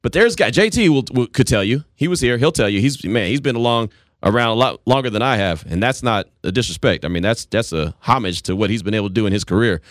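A man in his forties hosting a casual sports talk show, telling stories with animated voices. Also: fairly low pitch, quick pace, dry recording, studio quality. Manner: animated storytelling, acts out voices.

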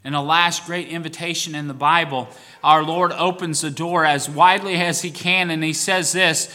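A man preaching a sermon as pastor, swinging between quiet asides and rising bursts of emphasis. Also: fairly high pitch, fairly even intonation, moderate pace, in a large hall.

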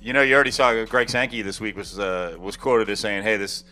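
A man hosting a casual sports talk show, talking in a rambling, animated way. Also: fairly low pitch, fairly quick, faint music behind.

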